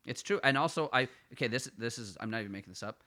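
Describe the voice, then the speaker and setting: A man's voice: mid-range voice, lively intonation, fast talker, pushed and bright. Rambling young man with Ottawa Valley accent. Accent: Ottawa Valley Canadian. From Ottawa Valley, Canada. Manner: rambling, self-mocking, stumbling restarts. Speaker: podcast co-host. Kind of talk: casual comedic chat.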